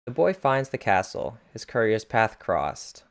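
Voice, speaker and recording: A man's voice: on the low side, big pitch swings, a little slow. A man reading dramatic recap captions aloud in a casual way, stumbling over words now and then. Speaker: reader narrating a webcomic.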